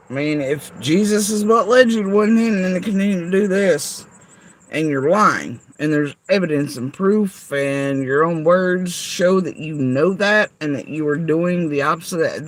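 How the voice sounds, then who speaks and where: On poor-quality audio, a man with a fairly high-pitched voice goes on a furious monologue as a vlogger. It is sarcastic and full of swearing, directed squarely at the person he is calling out.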